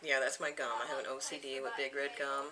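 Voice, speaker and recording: A woman's voice: very deep voice, level tone, quick pace, crowd noise. A woman in her thirties chatting casually to camera at home, rambling from one thing to the next and laughing often. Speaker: vlogger. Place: home, indoors.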